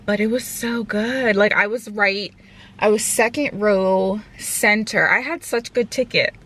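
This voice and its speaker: A woman's voice: mid-range voice, a little slow, a bit bright. A young woman chatting casually to her vlog viewers, rambling with lots of "like" and "um". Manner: chatty, rambling, heavy on fillers. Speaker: vlogger.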